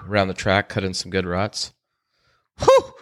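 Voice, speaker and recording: Man, podcast co-host, deep voice, jokey and playful banter. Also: little pitch movement, brisk, fairly bright tone, smooth, dry recording, clean studio sound. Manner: joking, playful. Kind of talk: casual chat.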